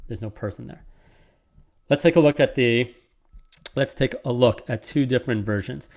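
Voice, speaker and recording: A man teaching a lesson on poetic meter. He reads verse lines slowly with each beat stressed, and often stops to correct himself. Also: mid-range voice, creaky, a little mellow. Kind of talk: online lecture on poetic meter.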